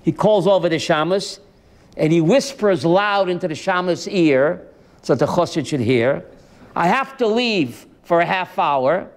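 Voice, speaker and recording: A man's voice: high voice, measured pace. A man, a rabbi, preaching a sermon built on stories and asking his listeners questions. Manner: animated, asks the audience questions. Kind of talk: sermon with storytelling.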